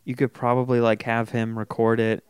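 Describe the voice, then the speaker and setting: A young man, a comedian, in casual chat, teasing and cracking quick jokes. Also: medium pitch, monotone, smooth, no room sound.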